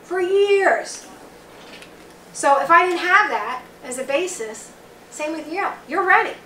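A high, bright-voiced woman with a Long Island accent, talking in a chatty, rambling way as she reads for someone in a group. She sounds set back from the mic in a roomy bookstore space with faint noise behind her. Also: expressive, normal speed, far from the mic. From Long Island, New York. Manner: chatty, rambling, relays messages in quotes. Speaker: psychic reader. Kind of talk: live psychic reading for an audience. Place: bookstore event room, small group.

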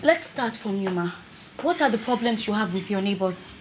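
A woman playing a nervous young counsellor who keeps pleading for calm. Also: medium pitch, moderate pace, background noise, lightly acted. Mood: flustered. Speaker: doctor, counsellor.

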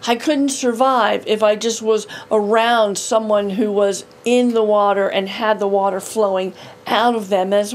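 A middle-aged woman with a fairly high voice delivers an earnest devotional teaching. She leans into her words and repeats key phrases for emphasis. A faint hiss sits under the recording. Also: a little mellow, poor audio. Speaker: Christian teacher.

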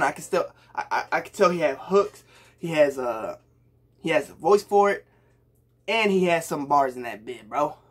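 A man's voice: high voice, slightly rough. A young man from Puerto Rico giving a hyped, slangy reaction to a song for his viewers, calling them bro. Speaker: music reaction youtuber. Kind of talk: casual music reaction talk.

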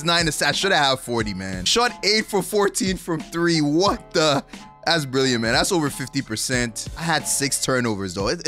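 A young man giving excited commentary on his own basketball video game play, hyped and laughing at the plays, with game music behind him. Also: fairly high pitch. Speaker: gaming YouTuber.

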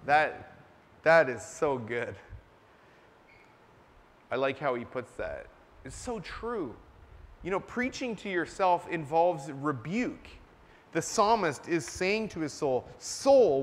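A man's voice: fairly high pitch, big pitch swings, slow, long pauses. A man preaching a sermon in a church, earnest and emphatic, stopping to cough now and then. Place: church sanctuary. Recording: long church reverb.

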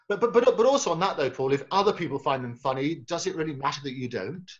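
Brief: male chat host with a bouncy, animated voice, muffled lo-fi call sound. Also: fairly high pitch, quick pace. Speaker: interview host and promoter. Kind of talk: casual interview chat.

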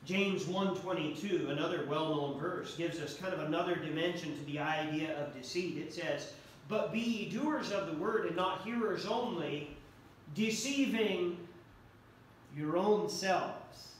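A man preaches a sermon in a church sanctuary, his voice pitched high for a man. He talks earnestly and repeats key phrases for emphasis. The sound carries a heavy echo, picked up from a distance with a faint hiss underneath. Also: a little slow. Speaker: pastor. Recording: echoey church hall from far off.

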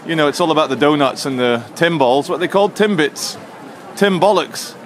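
A man's voice: a little high, expressive, normal speed. A man vlogging to camera on a city street, telling a story in a chatty, jokey way. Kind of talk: walking vlog to camera. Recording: faint street and traffic noise.

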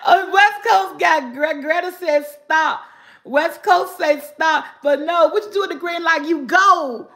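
A woman's voice: very high voice, a little slow, sharp tone. An older woman hosting a casual live vlog, chatting with viewers, reading their comments aloud and laughing often. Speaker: vlogger.

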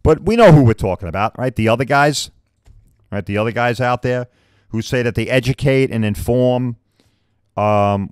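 A man's voice: medium pitch, dry recording, studio quality. A man hosting a podcast, delivering a blunt, combative promotional rant with frequent "all right?" asides. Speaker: podcast host. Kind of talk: ranting promotional monologue.

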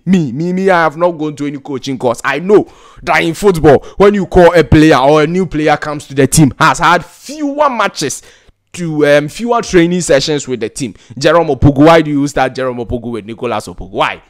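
Ghanaian man, football pundit, exasperated, repetitive, lively pitch. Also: brisk. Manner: exasperated, repetitive, laughs in disbelief. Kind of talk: ranting football commentary.

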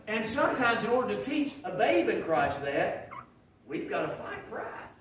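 A man preaching a sermon as pastor, telling folksy stories and swinging from quiet asides to loud shouts. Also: high-pitched, very animated, normal speed, background noise. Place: church sanctuary. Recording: very echoey church hall, mic far off.

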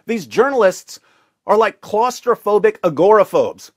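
A man's voice: sits high, lively intonation, moderate pace, dry recording, clean studio sound. A man giving polemical commentary in a mocking, sarcastic way.

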